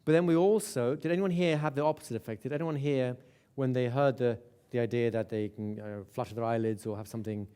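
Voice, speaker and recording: Brief: male seminar instructor at a middling pitch, chatty, keeps checking in with the room and repeating words. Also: fairly even intonation, fast, few pauses, mellow, clean tone. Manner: conversational, with repeated checks like "right?". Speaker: hypnosis instructor. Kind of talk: live seminar teaching.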